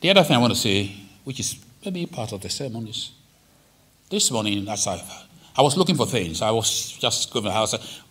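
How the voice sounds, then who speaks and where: A man preaching a sermon as a pastor, lively and digressive, with dramatic quoted lines. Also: fairly low pitch, moderate pace, breathy edge. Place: church hall.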